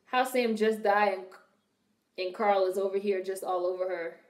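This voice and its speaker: A woman's voice: medium pitch, steady tone, normal speed. A young woman from Washington, D.C., hosting a film reaction video, talking bluntly with profane wisecracks. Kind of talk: casual film reaction commentary. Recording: roomy echoey room.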